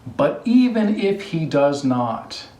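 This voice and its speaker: A man's voice: a little high, sing-song, takes it slowly, dark tone, far from the mic, voice pushed up. A man voices three brave young believers, solemn and unbending as they refuse a king. The sound is roomy, as if he stands away from the mic. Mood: defiant. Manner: solemn, firm. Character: three defiant young men of faith.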